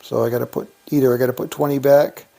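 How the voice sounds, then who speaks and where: A man hosting a casual livestream, counting out money and reading viewer comments aloud in a relaxed, thinking-aloud way. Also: medium pitch, quick pace, vocal fry. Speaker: livestream host. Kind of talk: casual live-stream chat.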